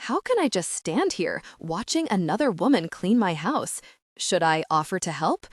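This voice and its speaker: A woman reading a first-person audiobook with expressive, animated storytelling. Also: lowish voice, normal speed, dry recording, studio quality. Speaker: audiobook narrator.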